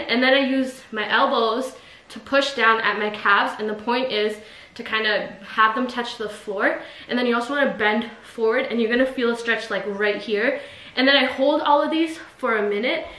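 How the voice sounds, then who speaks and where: A woman's voice: a little high, a bit bright. A woman vlogger talking casually while demonstrating a routine, chatty and full of filler words, slightly out of breath. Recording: echoey room, faint noise.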